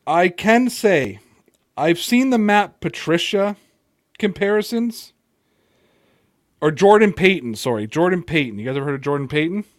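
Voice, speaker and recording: A man's voice: sits high, animated, normal speed, long pauses, no echo, studio quality. A man with an American Italian accent hosting a casual live sports podcast chat, joking and poking fun at himself. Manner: joking, self-mocking. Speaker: podcast host.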